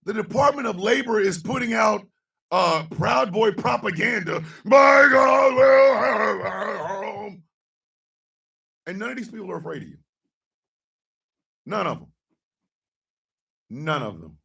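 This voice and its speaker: A man hosting a radio show, ranting angrily and sarcastically about politics, swearing and often shouting. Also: high-pitched, big pitch swings, moderate pace, vocal fry, pauses often, distant mic. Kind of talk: angry political rant.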